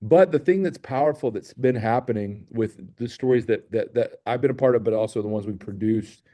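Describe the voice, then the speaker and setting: A man's voice: mid-range voice, brisk, warm tone. A middle-aged man, a film director guest, telling stories eagerly with many restarts in an interview. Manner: enthusiastic storytelling with many restarts. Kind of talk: interview chat.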